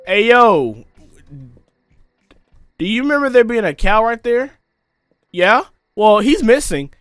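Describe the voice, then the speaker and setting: Excitable young gamer man. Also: very high voice, slow, clear, resonant tone, no room sound, soft background music. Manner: excitable, slangy, yelping when scared. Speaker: gaming streamer. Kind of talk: let's play commentary.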